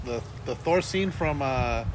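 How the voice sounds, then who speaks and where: A man's voice: mid-range voice, animated, measured pace, slight background noise. A man co-hosting a gaming podcast in casual chat, rambling with restarts and swearing freely. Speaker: podcast co-host.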